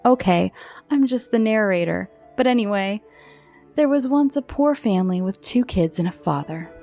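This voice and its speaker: A woman hosts a show of spooky bedtime stories for children, her medium-pitched, warm voice moving with lively intonation. She narrates slowly and dramatically, sometimes dropping into whispers, over faint background music.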